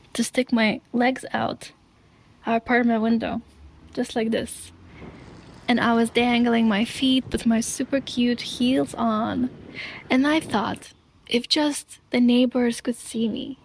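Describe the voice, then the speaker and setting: A woman speaks in a slightly high voice and tells her own story as a confessional. She talks slowly and deliberately, setting each short phrase apart. Her voice has a gravelly fry, and the recording is dry and close. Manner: earnest, deliberate, pausing between short phrases.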